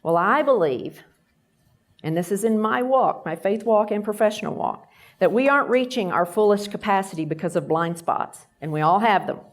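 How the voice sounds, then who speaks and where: Lively intonation marks this mid-range voice, delivered at normal speed by a middle-aged Texan woman with a Texan accent. She's guest speaker at a lunch event, giving a faith-based leadership talk full of stories with acted-out voices.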